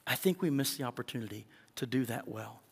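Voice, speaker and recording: A man's voice: mid-range voice, fast talker, vocal fry, husky, in a large hall. A male pastor preaching a sermon in an earnest way that rises to emphatic peaks.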